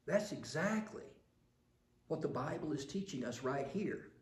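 A man's voice: mid-range voice, very animated, moderate pace, echoey room, a little hiss or hum. An older man preaching a sermon, telling stories and building to emphatic passages. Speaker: pastor.

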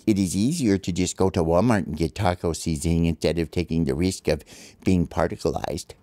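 A man voicing calm, brainy sparrow scientists who explain a teleporter in a formal, precise way. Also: sits low, fairly quick, no room sound. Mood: lecturing.

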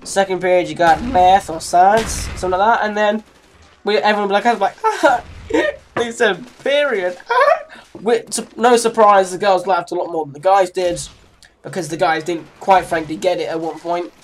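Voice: medium pitch, steady tone, a little fast, a little hiss or hum. A teenager in their late teens with an English accent, giving rambling, chatty gameplay commentary with giggly asides. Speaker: gaming channel host.

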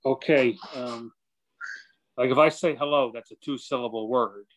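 A man's voice: mid-range voice, moderate pace, poor audio. A man taking part in an online workshop over a video call, curious and checking that he understands. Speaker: workshop participant. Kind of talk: asking questions in an online workshop.

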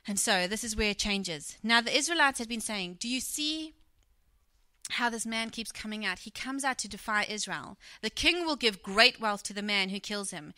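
A middle-aged woman preaching a sermon, retelling a story and acting out its quoted speech with lively emphasis. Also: mid-range voice, no echo.

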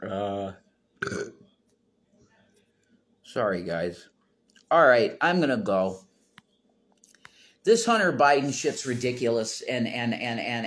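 A man hosting a casual home livestream, reading chat comments aloud, rambling and swearing bluntly. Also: mid-range voice.

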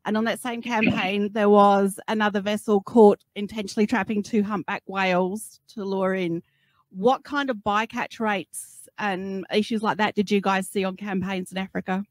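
A woman education coordinator asking the panel a clear question, citing figures. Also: mid-range voice, steady tone, moderate pace, no room sound. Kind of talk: casual panel chat.

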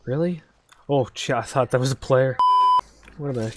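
A gaming video creator giving live commentary while playing, with profane, self-mocking banter that swings into loud, panicked pleading. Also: mid-range voice, moderate pace, very noisy.

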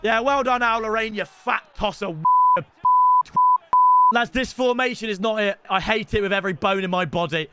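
A young man giving excitable live commentary on a football video game, chatting with his viewers and bursting into shouts. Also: sits high, normal speed, loud music behind the voice. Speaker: streamer.

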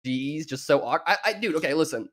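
A man's voice: on the high side, animated, fast talker, a bit bright. A young man from the American South with a Southern accent, rambling crudely and mockingly while reacting to a show as a streamer. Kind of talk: profane reaction commentary.

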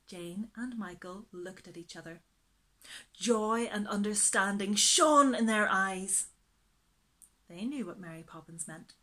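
A woman reading a children's story aloud, slow and gentle. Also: mid-range voice.

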